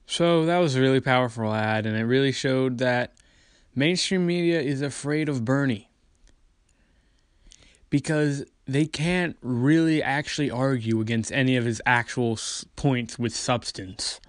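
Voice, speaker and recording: A man's voice: medium pitch, a little slow, clean tone, no echo, clean studio sound. A man hosting a political commentary video, ranting casually with profanity, dismissive asides and lots of fillers.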